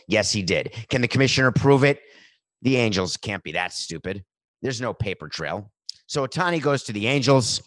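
A man's voice: fairly low pitch, expressive, a little fast, fairly bright tone, no echo, studio quality. A middle-aged man giving an emphatic, opinionated sports monologue, building his points through long repeated lists. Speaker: sports commentator.

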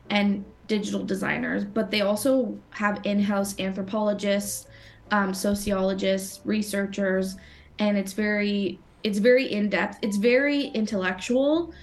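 A young woman from Canada chats casually as an interview guest. She talks in a loose, rambling way, full of fillers and restarts. Her voice sits at a middling pitch. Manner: chatty, many fillers and restarts. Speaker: guest designer.

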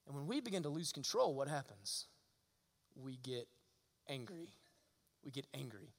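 A male pastor delivers an earnest sermon in a very high voice that is bright and forceful. He keeps turning to the congregation with rhetorical questions. A long hall reverb trails after his words. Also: very animated, normal speed, long pauses.

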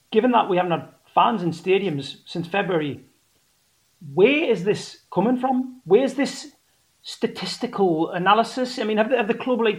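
A man speaking as a guest on a football podcast, sceptical and questioning. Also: sits high. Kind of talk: casual football podcast chat.

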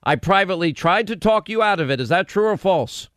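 Male radio host, opinionated and combative, slightly raised pitch, dry close sound. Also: animated, fairly bright tone, no echo. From United States. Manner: combative, rapid run-on delivery. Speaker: radio talk show host. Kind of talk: opinionated political talk radio.

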